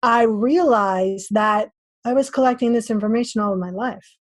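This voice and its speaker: A woman guest on a podcast, telling a story in a lively way and acting out her own thoughts. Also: a little high, moderate pace, no echo. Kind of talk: casual interview talk.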